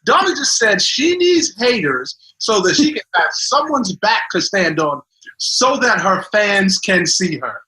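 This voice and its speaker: Bright, animated male podcast host. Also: sits high, a little slow, rough recording. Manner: animated, enthusiastic reactions. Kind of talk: podcast interview.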